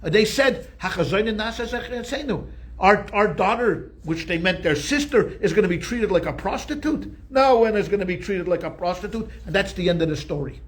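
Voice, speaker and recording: A male rabbi teaching a Torah class, telling the story in an animated, conversational way with frequent restarts. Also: high-pitched, fairly quick, hardly any pauses.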